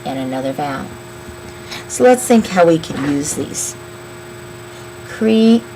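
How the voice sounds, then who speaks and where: A woman teaching young children a phonics lesson, slowly sounding out words and counting syllables. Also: sits low, very animated, darkish tone, slight background noise, poor audio. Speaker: elementary school teacher.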